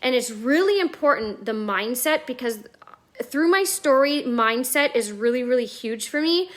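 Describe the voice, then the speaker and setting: A woman telling her own story at home on a live video, chatty and animated, with a lot of "like". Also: high-pitched, normal speed. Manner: chatty, animated, many fillers like "like". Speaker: network marketing vlogger. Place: at home indoors, near a staircase. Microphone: live video call.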